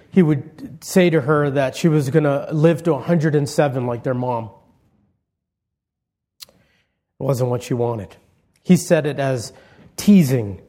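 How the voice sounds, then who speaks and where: A male pastor giving a funeral eulogy sermon in a church, telling stories in a conversational way with gentle humor and frequent restarts. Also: a little high. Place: church sanctuary.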